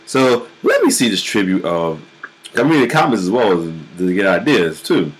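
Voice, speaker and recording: A man hosting a reaction video, talking casually and then exclaiming loudly and swearing as he watches. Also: lowish voice, normal speed, poor audio. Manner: loud, excitable exclamations and profanity.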